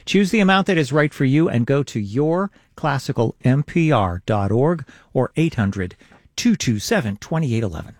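A man on the radio urging listeners to become members, speaking in an earnest, persuasive way. His voice is of middling pitch. The recording is close and dry, with no room sound. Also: lively intonation, normal speed, no room sound. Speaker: radio co-host. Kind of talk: on-air fundraising appeal. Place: radio studio. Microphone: studio microphone.

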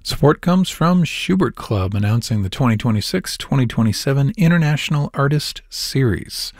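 A male classical radio announcer with a mid-pitched voice speaks in an easy, conversational tone. The sound is close and dry, like a studio booth with no room echo. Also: darkish tone.

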